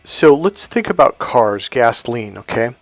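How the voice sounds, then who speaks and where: With faint music behind him, a middle-aged dating coach delivers coaching talk to camera at a slightly slow pace. His medium-pitched voice swings widely in pitch, and he's blunt and emphatic, cursing freely and repeating phrases for stress.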